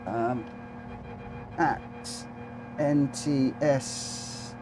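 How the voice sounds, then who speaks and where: A man's voice: mid-range voice, steady tone, drawn-out words, over music. A man from the United Kingdom commentating his live racing game stream, chatting to viewers and reading out the race results.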